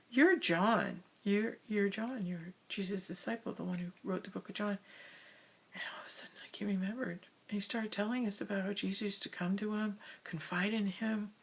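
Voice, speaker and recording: Recorded in the hall of her house, a woman who is a spiritual speaker shares a personal spiritual story as a casual monologue. Her mid-range voice is slightly rough and sometimes drops to a soft whisper.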